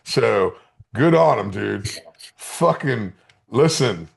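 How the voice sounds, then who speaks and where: A gravelly, husky-voiced man in his fifties hosts a podcast and banters casually with friends. His pitch jumps around freely, and he swears and jokes as he spins stories. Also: slow pace. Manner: profane, joking, animated storyteller. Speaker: podcast host.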